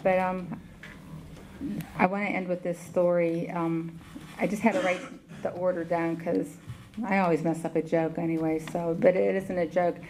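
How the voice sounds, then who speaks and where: A middle-aged woman with a Southern US accent speaks in a low-pitched voice, stopping and restarting with plenty of ums as she tells her own story to a meeting. The recording is noisy, with a steady hiss running under her voice. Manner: halting, many ums and restarts. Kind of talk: personal testimony talk. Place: meeting hall.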